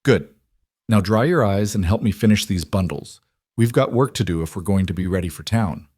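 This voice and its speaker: For a storybook reading, a man voices a plain-spoken, protective frontier trapper in a firm mood. His fairly low, darkish voice stays close to everyday speech at a moderate pace, captured in a dry, clean studio recording.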